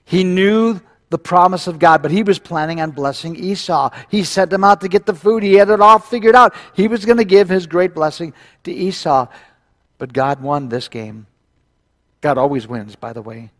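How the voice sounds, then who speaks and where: A male pastor preaching in animated storytelling mode, his voice sitting slightly high. He retells scripture with quick asides and wry comments to the congregation. His delivery moves between narration and direct address. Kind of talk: sermon.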